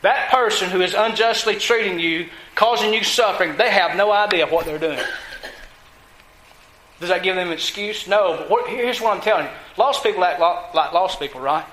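A man's voice: high voice, moderate pace, bright, forceful tone, reverberant, low-quality recording. A man preaching a sermon, emphatic, asking his listeners questions and answering them himself. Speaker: pastor.

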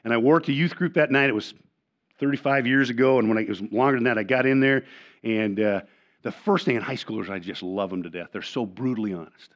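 An older man delivers a sermon as pastor, his pitch sitting in an ordinary middle range. He repeats and restarts words, alternating emphatic punches with quiet asides. The recording is dull and lo-fi, as if captured in a church sanctuary. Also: quick pace. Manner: earnest preaching with frequent repeated words and restarts; swings between loud emphatic lines and quiet asides.

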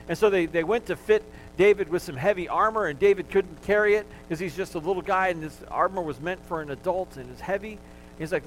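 A man's voice: fairly high pitch, fairly quick, slight background noise, rough recording. A male pastor preaching a sermon, talking to the congregation in a conversational way and joking with them.

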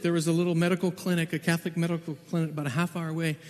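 A man with a fairly high voice tells a personal testimony, stumbling and repeating words as he goes. His delivery turns urgent and loud at the tense moments. A long reverb trails his voice, as in a large hall. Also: little pitch movement, very fast, hardly any pauses. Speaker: Bible translator.

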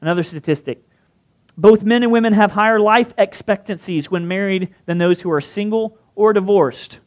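High-voiced man preaching. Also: moderate pace. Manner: conversational, asks the crowd questions. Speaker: pastor. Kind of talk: sermon.

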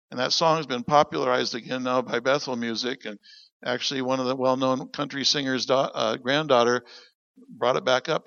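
A man's voice: on the high side, creaky, dry recording, dull audio. A middle-aged man preaching a sermon, telling stories and acting out the voices of the people in them. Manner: animated storyteller acting out quoted voices. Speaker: pastor. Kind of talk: sermon with storytelling.

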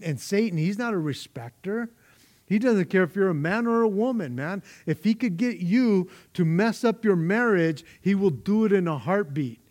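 Conversational preacher man, higher voice. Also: darkish tone. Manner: conversational, repeats words while building a point. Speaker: pastor. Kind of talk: sermon.

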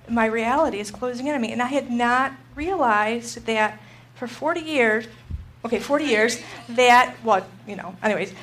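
Middle-aged woman teaching church folks, lively storytelling, voice a bit on the high side. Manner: animated storytelling, acts out her own panic. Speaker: Christian teacher. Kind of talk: teaching talk with personal story.

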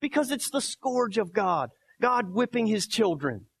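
Emphatic male pastor, 30s, high and gravelly, preaching a sermon. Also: very animated, unhurried. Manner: preachy, emphatic, swings between soft quotes and loud barking.

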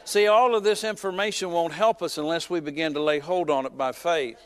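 A man in his fifties, a pastor preaching a sermon who tells a personal story with joking asides and swings between loud and soft. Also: fairly high pitch, brisk, clear, resonant tone.

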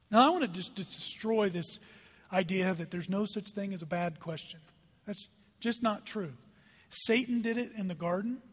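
Animated high-voiced preacher in a reverberant hall. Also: male voice, normal speed. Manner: animated, emphatic preaching with dramatic drops to hushed tones. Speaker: pastor. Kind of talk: sermon.

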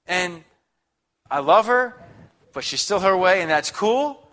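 A man's voice: high voice, lively intonation, slow, a bit bright. A young man preaching a sermon in a chatty, upbeat, conversational way, often checking in with the congregation. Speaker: guest preacher.

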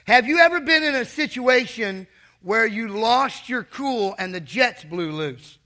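Middle-aged male pastor, high bright voice, joking sermon storyteller. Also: expressive, unhurried. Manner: humorous, teasing the congregation.

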